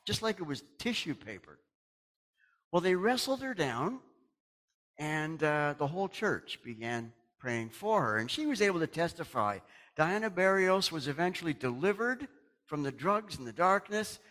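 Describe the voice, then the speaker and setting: Lively, chatty middle-aged pastor. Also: male voice, a little high. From Canada. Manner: chatty, folksy, with chuckles and restarts. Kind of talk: casual sermon announcements and storytelling.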